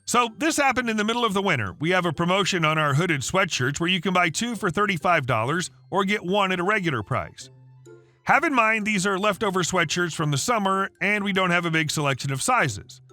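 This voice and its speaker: A man narrating online stories aloud, in a lively storytelling way. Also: high-pitched, a little fast. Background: faint background music.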